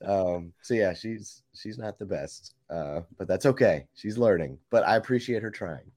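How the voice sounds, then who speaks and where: Male podcast co-host, low register, dry close mic, chatty and animated. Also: normal speed, dry recording. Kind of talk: casual chat.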